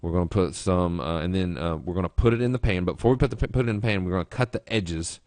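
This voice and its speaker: A middle-aged man with a low voice runs a trading lesson like a chat, spinning homespun stories. He rambles, restarts his phrases and tosses in quick asides. The recording is dry, with no room sound. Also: darkish tone, no echo. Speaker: trading instructor. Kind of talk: webinar lesson with folksy storytelling.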